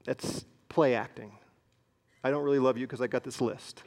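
A man preaching a sermon as pastor, swinging between loud emphasis and hushed, near-whispered asides. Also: medium pitch, fairly even intonation, normal speed.

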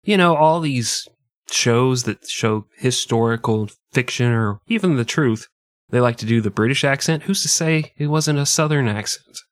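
A man's voice: mid-range voice, lively intonation, normal speed, no room sound. A man co-hosting a casual comedic podcast, joking around and slipping into mock voices. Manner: jokey, slips into mock voices. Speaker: podcast co-host.

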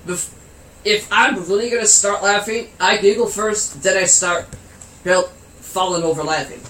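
A man with a high-pitched, pushed and bright voice casually tells a funny anecdote at a moderate pace and steady tone, giggling and laughing through it and swearing freely. The recording is roomy, with faint background noise.

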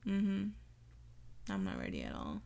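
A woman in her twenties co-hosting a casual podcast, animated and quick to swear. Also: rumbling low, creaky. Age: 20s. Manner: swears freely, fast and animated. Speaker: podcast co-host.

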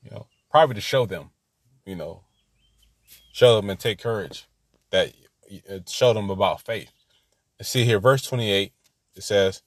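A man's voice: on the low side, measured pace, pauses often, dry recording, clean studio sound. A man teaching an informal Bible lesson, rambling and repeating himself, laughing at his own asides.

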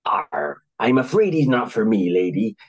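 A man voicing a gruff pirate sea captain in a stereotypical seafaring drawl. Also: medium pitch, big pitch swings, unhurried. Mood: growling.

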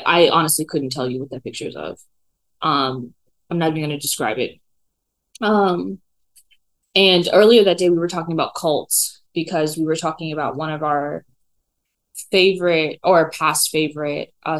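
Woman, low-pitched, solo podcast host, casual rambling chat, many fillers, home dining table. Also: rough recording. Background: dog running around.

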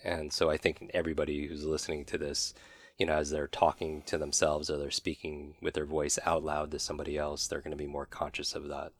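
A male podcast host calmly summarizing the takeaways for his listeners. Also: a bass voice, brisk, dry recording, clean studio sound. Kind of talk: interview chat.

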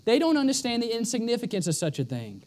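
A man delivering a sermon in a notably high voice. He presses each point hard and often says it twice for weight. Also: wildly swooping pitch, fast, a little mellow. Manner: emphatic, repeats lines for stress. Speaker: preacher.

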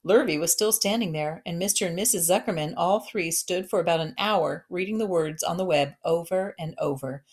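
A woman narrating a children's novel aloud in a gentle, expressive storytelling manner. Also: fairly low pitch, normal speed, few pauses.

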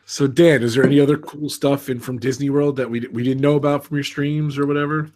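A man's voice: medium pitch, steady tone, brisk, darkish tone. A man hosting a casual chat, upbeat and prompting his guests with questions.

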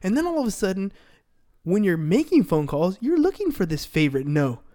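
A man's voice: high voice, sing-song, fairly quick, dark tone. A man in his thirties hosting a business podcast, talking energetically and motivationally, often tagging lines with "right?". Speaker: podcast host and sales coach. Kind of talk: casual podcast chat.

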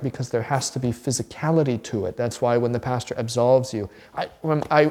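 A middle-aged man teaches a church class as its pastor, talking in a loose, rambling way full of restarts and side remarks. His pitch sits in the middle range. The recording carries a long reverb from a large hall. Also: a little mellow. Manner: conversational, rambling with restarts and asides.

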